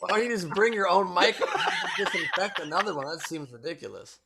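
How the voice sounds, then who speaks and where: Male joker, high and gravelly, teasing, crowd heard behind. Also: animated, a little fast. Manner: joking, teasing questions. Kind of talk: casual chat on a video call.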